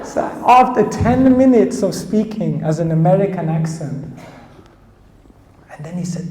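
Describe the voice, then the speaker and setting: A man's voice: high voice, animated, a little slow, mellow. A man with a British accent from London, a monk telling chatty anecdotes in a sermon to a live audience. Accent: British English. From London, England. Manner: chatty, anecdotal, laughs as he tells stories. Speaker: monk and spiritual teacher. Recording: echoey hall with faint noise.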